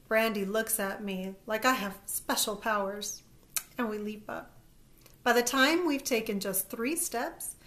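A woman narrating a first-person story as an audiobook, in a lively, expressive way. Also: a little high, a little slow.

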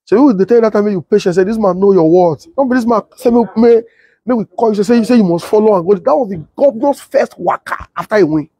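A young adult man with a Nigerian Pidgin English accent, telling a story and acting out the voices of others in a husky tone. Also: quick pace, dry recording. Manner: switches to high excited voice when quoting others. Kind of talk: animated storytelling with acted-out quotes.

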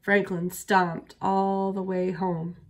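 A woman reading a children's picture book aloud as a storyteller, steady and expressive. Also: medium pitch, slow, a little hiss or hum.

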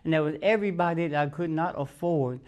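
A man with a fairly high voice spins a long tale in a studio chat. He acts out each quoted person as he goes and laughs along with his own story. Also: fast, darkish tone. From United States. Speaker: guest musician. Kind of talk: casual storytelling.

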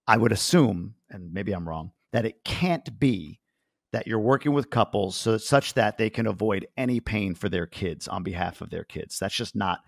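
A man's voice: fairly low pitch, normal speed, vocal fry, no room sound, clean studio sound. A man hosting a podcast interview, thinking aloud with restarts as he asks questions. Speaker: podcast host.

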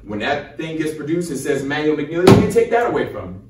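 A man in his twenties from Chicago with a Chicago accent, giving a motivational, preacher-like speech to high schoolers. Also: big pitch swings, fast, very noisy. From Chicago, USA. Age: 20s. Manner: fired-up, preacher-like call and response. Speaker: medical student speaking to high schoolers. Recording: roomy echo, from far off.

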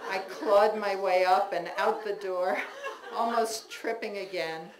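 A woman writer reading her memoir aloud at a live bookstore event, wry and expressive, laughing through the funny parts. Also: medium pitch, slow pace, crowd noise. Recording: roomy bookstore with faint noise.

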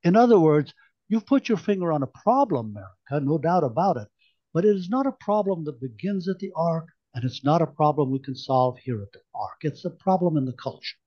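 A man voicing a stern male newspaper editor who speaks in a measured, lecturing way. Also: fairly high pitch, lively intonation, muffled recording, voice pushed up.

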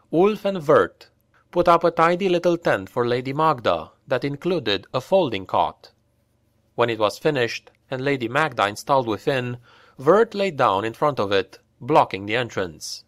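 Man narrating a dark fantasy audiobook. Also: medium pitch, no echo, clean studio sound. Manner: steady, measured storytelling.

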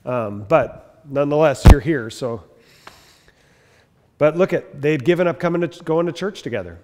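A man's voice: a little high, lively intonation, normal speed, darkish tone, slight background noise. Man lecturing in an echoey hall. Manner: storytelling, mimics people in quotes. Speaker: teacher. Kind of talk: animated classroom lecture with acted anecdotes. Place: classroom. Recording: long hall reverb.

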